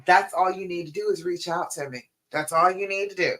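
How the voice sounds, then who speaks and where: A woman working as a relationship coach, hosting a live-stream Q&A and pep talk, speaking straight to her viewers with encouraging, repeated appeals and animated storytelling. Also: on the low side, brisk.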